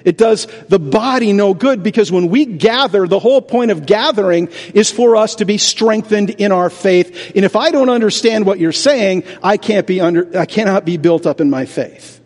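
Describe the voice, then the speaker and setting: A pastor preaching a sermon in a church, animated, asking rhetorical questions and acting out doubters. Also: male voice, high-pitched, normal speed, hardly any pauses. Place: church sanctuary. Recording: reverberant large hall.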